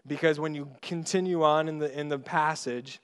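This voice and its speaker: A male pastor preaching a sermon in an earnest way, growing loud on key points and going soft and slow on tender ones. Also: a little high, fairly even intonation, clear, resonant tone.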